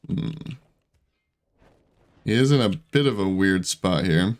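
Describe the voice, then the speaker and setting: Low-voiced man thinking aloud while gaming. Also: expressive, takes it slowly, smooth. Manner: chatty, thinks aloud, self-deprecating. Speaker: gaming YouTuber. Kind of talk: casual gameplay commentary.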